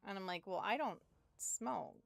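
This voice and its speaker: A woman's voice: mid-range voice, moderate pace, vocal fry, no echo. A woman streamer rambling through a story to her chat in casual talk, with lots of filler and some swearing. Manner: rambling, full of "like", swearing, self-mocking.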